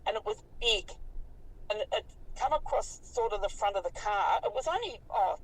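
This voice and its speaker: A woman in her fifties with an Australian accent, telling a story in an animated, colloquial way and swearing freely. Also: medium pitch, normal speed, slightly rough, distant mic, low-quality recording. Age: 50s. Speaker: interviewee recounting a sighting. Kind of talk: casual storytelling interview.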